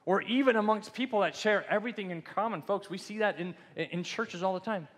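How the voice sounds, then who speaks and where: A man's voice: high voice, fairly quick, a bit bright. A man preaching a sermon as pastor in a loose, joking, conversational way. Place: church sanctuary. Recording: long church hall reverb.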